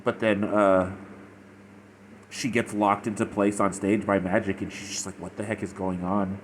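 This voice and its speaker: A man's voice: lowish voice, little pitch movement, moderate pace, slight background noise, low-quality recording. A young man casually retelling and reviewing a story, rambling and full of fillers. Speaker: fanfiction reviewer.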